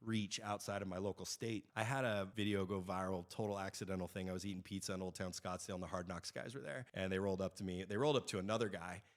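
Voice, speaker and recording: A man in his forties with a very low voice tells stories quickly and with energy. He acts out the back-and-forth of each conversation as he goes. It sounds like a guest on an interview show. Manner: animated storyteller, acts out quoted dialogue. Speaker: guest, real estate broker. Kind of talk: casual interview storytelling.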